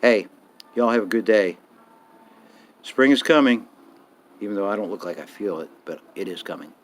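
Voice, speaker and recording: A man's voice: fairly low pitch, lively intonation, normal speed. An older man delivering a blunt, indignant monologue as a vlogger, swearing freely and pressing his points with rising emphasis. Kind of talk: casual ranting monologue.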